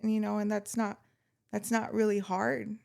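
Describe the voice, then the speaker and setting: A woman hosting a podcast who speaks in a heartfelt, halting way with many fillers. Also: medium pitch, level tone, creaky, darkish tone. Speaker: podcast host. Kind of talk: casual interview chat.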